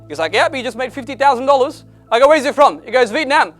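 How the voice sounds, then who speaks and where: High-voiced man, animated storyteller. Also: fast talker, few pauses, soft background music. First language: not English. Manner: animated, swings loud and excited to low and quiet; blunt with occasional swearing. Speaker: motivational speaker. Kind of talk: motivational storytelling talk.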